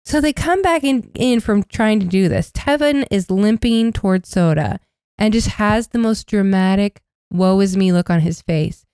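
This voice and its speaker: Woman co-host, casual chat, smooth voice, acts out quotes, dry recording. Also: mid-range voice, moderate pace, dry recording. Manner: animated storytelling, acts out quotes. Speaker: podcast co-host.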